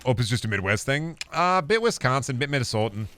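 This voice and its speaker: A man from Iowa streaming a game, reading chat questions aloud and answering with offhand jokes and gruff mock-dad phrases. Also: medium pitch, lively intonation, fairly quick, pushed and bright. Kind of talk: casual live-stream chat while gaming.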